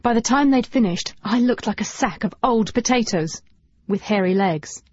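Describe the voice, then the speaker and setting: A woman narrating a first-person novel in a lively, wry, humorous manner. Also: fairly high pitch, normal speed, no echo. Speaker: audiobook narrator. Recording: dull dry audiobook recording.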